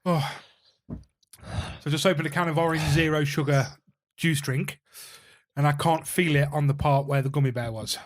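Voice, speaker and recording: Excitable man, slightly high voice. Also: normal speed, long pauses. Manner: excitable, swears freely, jokey rants. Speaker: podcast co-host. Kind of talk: casual podcast chat.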